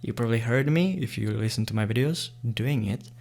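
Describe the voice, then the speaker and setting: A man teaching beginner beatbox sounds in a casual, playful tutorial, often excited and laughing. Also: medium pitch, fairly quick, vocal fry.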